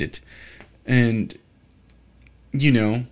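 A man's voice: mid-range voice, moderate pace. A young man talking casually on his solo podcast, rambling in a frustrated, profane way and often restarting his sentences.

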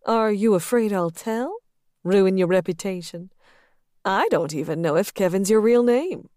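A woman's voice: mid-range voice, expressive, a little slow, a little mellow, no room sound, clean studio sound, lightly acted. Woman voicing a bold, coaxing married man. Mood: teasing.

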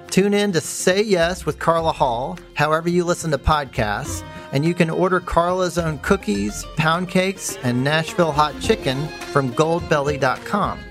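A man hosting a podcast, thanking his guest and reading a scripted closing. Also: a little high. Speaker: podcast host. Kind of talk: scripted outro read. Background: music.

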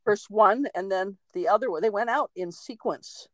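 A woman co-hosting a podcast, a medium telling a story in a lively, chatty way with laughs and acted-out quotes. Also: mid-range voice, normal speed, no room sound, poor audio. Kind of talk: casual storytelling chat.

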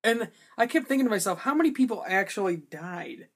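A podcast co-host chatting casually about a movie, rambling and animated as they retell scenes. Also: medium pitch, a little fast. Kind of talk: casual movie review chat.

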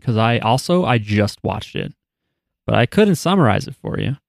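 A man's voice: mid-range voice, very animated, moderate pace, vocal fry, no room sound, studio quality. A man co-hosting a podcast, chatting in a loose, rambling way and cursing casually. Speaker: podcast co-host. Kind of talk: casual chat.

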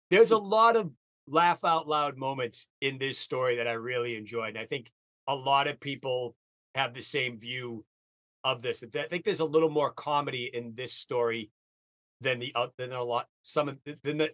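A man's voice: mid-range voice, a bit bright, no room sound, studio quality. A man hosting a casual book podcast, chatty and rambling, often laughing. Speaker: podcast host.

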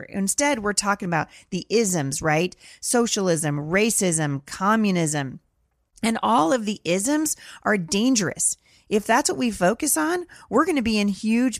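A woman's voice: mid-range voice, expressive, a little slow, no room sound, studio quality. A middle-aged woman hosting a podcast, telling stories in an earnest, conversational way. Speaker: podcast host. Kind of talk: casual commentary monologue.

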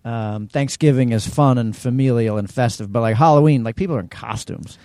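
A man's voice: medium pitch, a little fast, a little mellow, no echo, studio quality. A man in his forties co-hosting a casual podcast, chatty and teasing. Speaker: podcast co-host. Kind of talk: casual chat.

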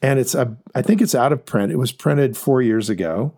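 Male podcast co-host, mid-pitched, animated and rambling, casual investing talk. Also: moderate pace, husky. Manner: animated, rambling with restarts and fillers.

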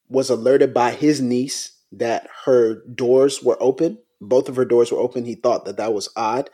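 A man co-hosting a podcast in a casual, conversational way, his voice sitting at an ordinary middle pitch. He speaks with raw emotion and frustration, and his sentences stop, restart and trail off as he searches for words. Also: dark tone, breathy edge. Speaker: podcast co-host.

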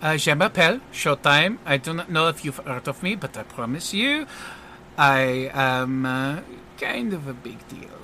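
A man doing a flamboyant, self-important superhero with a French accent, all theatrical flourishes and smug pauses. The voice sits on the high side, bright and forceful, with loud swoops upward. It is tabletop role-play acting at the table. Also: lively intonation, a little hiss or hum. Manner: smug, theatrical, full of hesitations.

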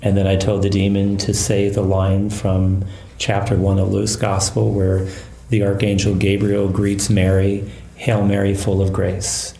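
A man who is a Catholic priest and exorcist, calmly recounting a case in an interview. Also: sits low, gravelly. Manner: calm, measured storytelling. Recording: echoey room.

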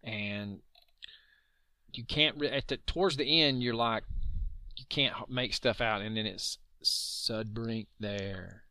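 A man co-hosting a podcast, casually talking through a mystery case in an animated way and cursing now and then. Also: on the low side, takes it slowly, no room sound. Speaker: podcast co-host. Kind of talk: casual true-crime chat.

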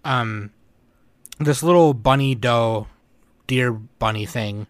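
A man's voice: medium pitch, takes it slowly, a crowd in the background. A man in casual chat, rambling and retelling scenes with quoted lines, swearing now and then. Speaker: podcast host reviewing anime.

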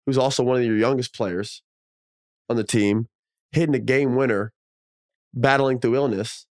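A man, a former professional basketball player, co-hosting a casual sports podcast, talking in an animated, emphatic way with slang and casual swearing. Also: mid-range voice, moderate pace, dry recording, clean studio sound.

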